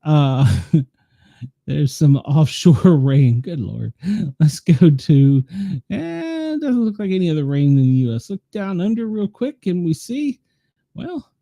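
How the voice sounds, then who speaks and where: Thinking aloud as he clicks through live weather radar, a Tennessee-accented show host rambles casually and mocks himself. His high, mellow, creaky voice swoops wildly in pitch, moving slowly with long pauses, in clean studio sound with no echo.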